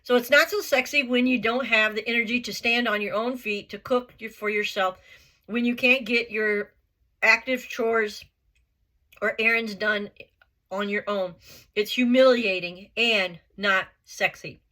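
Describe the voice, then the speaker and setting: Bright-voiced blunt woman vlogger. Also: a little high, steady tone, a little slow. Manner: blunt, emphatic, repeats herself; earnest, swears casually. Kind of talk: motivational vlog monologue.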